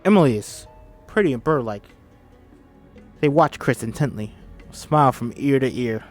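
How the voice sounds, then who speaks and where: A man's voice: mid-range voice, animated, moderate pace, soft background music. A man reading a screenplay aloud by himself, voicing every part, stumbling over words now and then. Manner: reads all parts himself, stumbling at times. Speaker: script reader. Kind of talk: solo script read-through.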